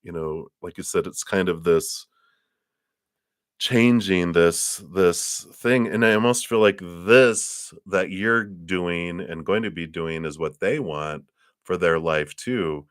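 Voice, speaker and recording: Man, very low voice, dry close sound; tarot reader talking a viewer through a spread, encouraging and rambly. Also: slow, no echo. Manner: rambling, encouraging, many fillers and restarts. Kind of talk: live tarot reading to a viewer.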